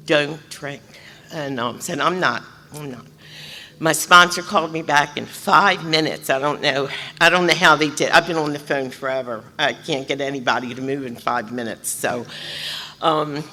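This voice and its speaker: A woman telling her recovery story at a convention, animated, acting out other people's voices and laughing often. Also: low voice, normal speed. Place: large convention hall. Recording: reverberant hall, faint room noise.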